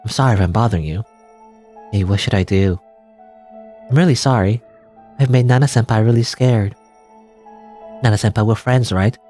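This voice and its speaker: A man's voice: on the low side, moderate pace, long pauses, mellow, soft background music, lightly acted. A man voicing a clingy, obsessive young female student who stalks her senior, in an anxious, pleading manner.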